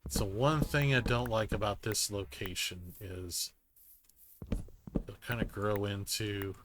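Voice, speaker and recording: A man's voice: lowish voice, steady tone, takes it slowly, background noise. A man giving rambling, jokey gameplay commentary, muttering self-deprecating asides to himself as he plays. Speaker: gaming YouTuber. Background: music.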